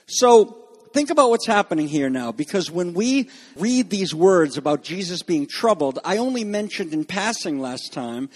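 A man's voice: high-pitched, big pitch swings, a little mellow. Man preaching in a reverberant hall. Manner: measured teaching, acts out quoted lines. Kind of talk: expository sermon.

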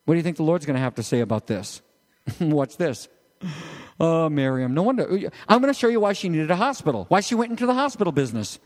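A man preaching a sermon in an animated, conversational way, tossing rhetorical questions at the congregation. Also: fairly high pitch, fast. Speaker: pastor. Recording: long reverb of a large hall.

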